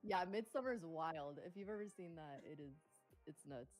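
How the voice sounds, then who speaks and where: Woman, casual stream co-host, giggly, lively pitch, faint music behind. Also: moderate pace. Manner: giggly, laughs often, says "like" a lot. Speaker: co-host of a live trading stream. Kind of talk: casual chat.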